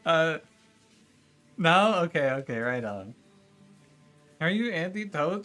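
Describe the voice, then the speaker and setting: A man's voice: a little high, big pitch swings, takes it slowly, long pauses, bright, forceful tone, faint music behind. A man streaming a game who rants and argues with his chat, swearing and exasperated. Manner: exasperated, profane ranting; argumentative, talking back to chat. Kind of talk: casual livestream chat with viewers.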